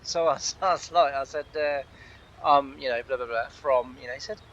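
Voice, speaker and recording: A man's voice: mid-range voice, normal speed, fairly bright tone, lo-fi sound. A man telling a long casual story while playing a game, laughing often and acting out the people he quotes. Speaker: gaming channel host. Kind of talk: casual storytelling over gameplay.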